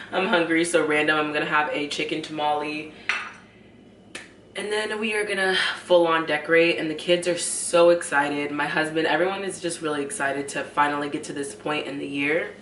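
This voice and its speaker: A chatty, upbeat woman in her thirties talks casually to her viewers, her nose a bit stuffy from a cold. Her voice sits low, and it rings around an echoey room at home with a faint hum of ambience behind it. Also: normal speed, a bit bright. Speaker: vlogger, homemaking channel host. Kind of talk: casual chat to camera.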